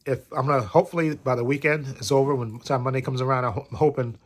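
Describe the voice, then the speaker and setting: A man's voice: mid-range voice, fairly even intonation, fast talker. A man with a cold, rambling casually in a vlog from bed and often repeating himself. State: recovering from a cold. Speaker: vlogger.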